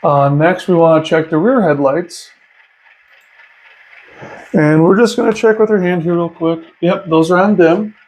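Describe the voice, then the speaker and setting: A man's voice: on the high side, a little slow, long pauses, darkish tone, low-quality recording. Upbeat man explaining model trains. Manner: enthusiastic, chatty, thinking aloud. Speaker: model train hobbyist host. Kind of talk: casual hands-on tutorial.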